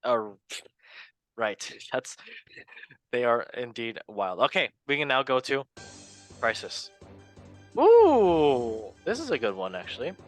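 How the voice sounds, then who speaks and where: A man's voice: mid-range voice, very animated, a little slow, long pauses, bright, forceful tone. A man hosting a football talk show in a playful, joking way. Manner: playful, joking, laughs often. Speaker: host. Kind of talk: casual chat. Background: faint background music.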